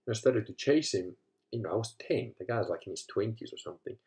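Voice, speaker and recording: Brief: man, 50s, from Africa, low-pitched, casual profane storyteller who shifts from mutters to loud bursts. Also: expressive, quick pace. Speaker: host. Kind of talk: casual monologue.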